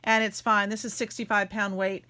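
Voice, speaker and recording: A woman's voice: medium pitch, little pitch movement, moderate pace, bright, forceful tone, a little hiss or hum. A middle-aged woman, hosting a casual craft tutorial and chatting while she works. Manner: chatty, self-deprecating, talks while working.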